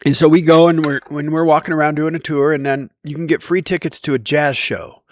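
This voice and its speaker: A man telling embarrassing stories to camera in a casual, self-deprecating way, with lively bursts when he quotes himself. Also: on the high side, fairly quick, no room sound, clean studio sound. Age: adult. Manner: animated, self-deprecating, with bursts of loud quoting. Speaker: vlogger. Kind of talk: casual storytime monologue. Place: outdoors in daylight.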